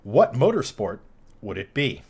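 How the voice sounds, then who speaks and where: Teasing man with a lively voice. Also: fairly low pitch, a little slow, breathy edge. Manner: teasing, reads viewer chat aloud. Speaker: podcast host. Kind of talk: casual chat.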